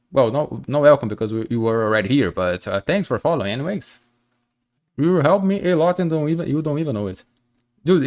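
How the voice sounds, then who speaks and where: A man streaming as he reads manga, chatty and excitable, often stumbling and restarting sentences. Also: mid-range voice. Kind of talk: live stream manga reading.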